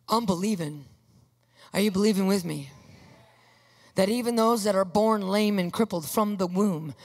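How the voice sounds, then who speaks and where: A woman preaching a sermon in an emphatic, animated way, asking her listeners questions. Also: mid-range voice, big-room sound.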